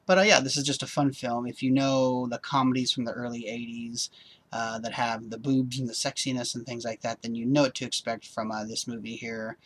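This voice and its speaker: A man's voice: medium pitch, fairly quick. A man casually reviewing a movie on home video, upbeat and rambling, with lots of ums and uhs. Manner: relaxed, upbeat.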